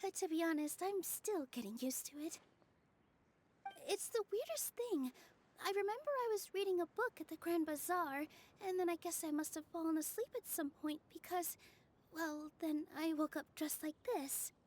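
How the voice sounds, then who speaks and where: A young woman voicing a gentle, cheerful young dancer in a game cutscene, soft, friendly and a bit apologetic. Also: extremely high pitch, normal speed.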